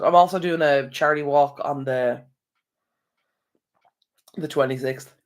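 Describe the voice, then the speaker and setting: A tired Irish man hosting a live stream from home, his voice sitting a little higher than most men's. He rambles loosely and chats straight to his viewers through a proper microphone, yawning now and then. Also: fairly even intonation, a little slow, long pauses. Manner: rambling, chatty, talks to viewers directly. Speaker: channel host. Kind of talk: casual live-stream chat. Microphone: external microphone.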